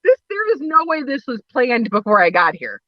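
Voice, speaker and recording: A woman's voice: on the high side, very animated, moderate pace, no echo, dull audio. A woman talking about her work as a wrestling booker and valet in a casual podcast interview, a chatty storyteller who laughs often.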